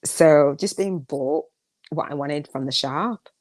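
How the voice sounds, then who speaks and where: A woman's voice: low voice, slow, a little mellow, dry recording. A woman hosting a solo podcast, talking casually and reflectively, rambling with restarts and repeated affirmations. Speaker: podcast host.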